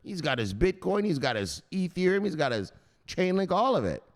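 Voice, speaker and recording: A man's voice: sits high, big pitch swings, normal speed. A man hosting a crypto news show, talking casually, joking, swearing and laughing often. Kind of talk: casual vlog commentary.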